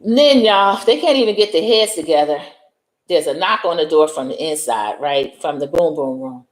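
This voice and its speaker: An American host with a New York accent retells a movie scene by scene in casual chat, performing the characters' lines as she goes. Her voice sits low with lively intonation at a normal speed. The room is echoey.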